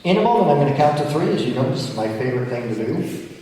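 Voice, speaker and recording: A man working as a stage hypnotist, giving playful, commanding suggestions and slowing into soothing instructions. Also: a little high, very animated, very noisy. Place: large hall stage. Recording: distant echoey hall recording.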